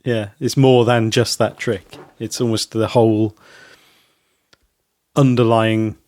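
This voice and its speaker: A man co-hosting a podcast in casual chat, rambling and pausing on many ums. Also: on the low side, level tone, a little mellow, dry recording. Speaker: podcast co-host.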